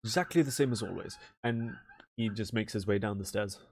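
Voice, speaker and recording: A man's voice: fairly low pitch, a little fast, breathy edge. A man narrating a tabletop game as game master, in a rambling, casual way full of fillers.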